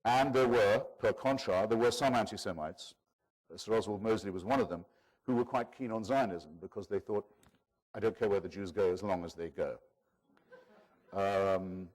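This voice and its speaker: Male lecturer, somewhat low pitch, measured and wry, digressive public talk. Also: darkish tone.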